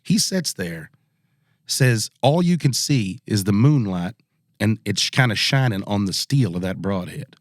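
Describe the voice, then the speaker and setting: A man with a lowish voice takes a measured pace as he tells a spooky hunting story on a podcast, recorded dry and studio-clean. As a relaxed Southern co-host, he acts out quotes in the voices of the people involved, keeping it casual.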